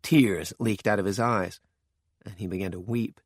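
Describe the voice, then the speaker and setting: Give me a man narrating a thriller audiobook, steady and low, dry close mic. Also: moderate pace, husky, no room sound.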